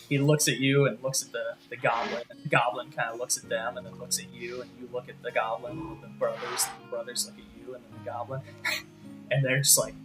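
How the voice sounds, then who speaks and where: A man narrating a tabletop game as game master in a relaxed, rambling way. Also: medium pitch, rough recording.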